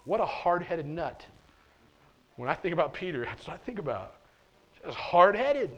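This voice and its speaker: A man preaching a sermon with a slightly raised pitch. He talks loosely and conversationally, using many fillers and restarting sentences, and he drops in playful asides. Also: very animated, moderate pace, a bit bright, lo-fi sound. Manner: casual and conversational, with frequent "like" and restarts; playful asides and short laughs while preaching. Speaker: pastor. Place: church.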